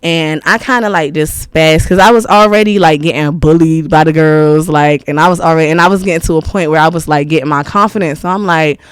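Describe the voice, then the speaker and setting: A woman's voice: deep voice, steady tone, a little fast, few pauses, smooth, dry recording. A woman in her thirties, a podcast guest telling stories in a candid, rambling way, laughing often. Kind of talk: casual interview storytelling.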